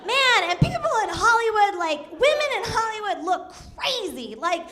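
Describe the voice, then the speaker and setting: A woman's voice: very high voice, very animated, moderate pace, sharp tone, slight background noise. A woman from New York City doing a stand-up comedy set, laughing often through her lines. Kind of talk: stand-up routine. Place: comedy club stage.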